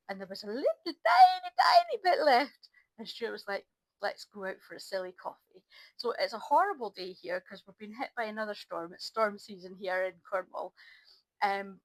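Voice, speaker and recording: A middle-aged woman, talking casually to camera in a rambling, chatty way with lots of ums and restarts, a little low on energy. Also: fairly bright tone, no room sound, poor audio. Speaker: crafting vlogger. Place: at home by an ironing board.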